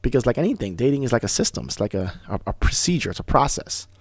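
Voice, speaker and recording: A man hosting a talk radio show, telling stories in a casual, animated way, often restarting words. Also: mid-range voice, breathy edge, no echo, studio quality. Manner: animated storyteller, fast bursts, repeats and restarts words. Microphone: studio microphone.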